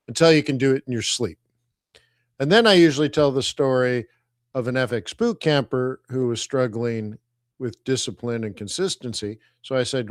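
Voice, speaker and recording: A middle-aged man hosts a live trading stream in an energetic, teasing manner. His voice sits at a medium pitch. The recording is dry, with no room echo. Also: moderate pace. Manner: energetic, teasing, talks to viewers as kids. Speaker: forex trading host.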